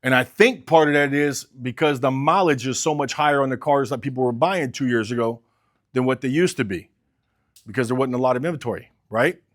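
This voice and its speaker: Energetic sales coach, urgent and punchy. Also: male voice, medium pitch, fairly quick. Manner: energetic, urgent, role-plays sales calls. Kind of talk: sales training talk.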